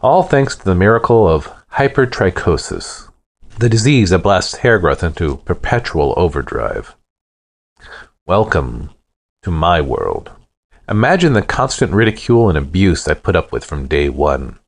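Deep-voiced, expressive male storyteller. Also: measured pace. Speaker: narrator. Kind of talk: first-person fiction narration.

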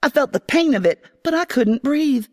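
A woman narrating a first-person fantasy story in an expressive, dramatic way. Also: high voice, normal speed, long reverb tail. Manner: expressive, dramatic, voicing a young girl.

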